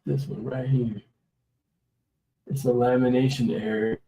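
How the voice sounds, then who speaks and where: A man's voice: mid-range voice, flat delivery, unhurried, vocal fry, dark tone, rough recording. A man chatting casually on his own livestream, rambling and laughing often as he shows off coins. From US West Coast. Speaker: livestream host. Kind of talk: casual live-stream chat.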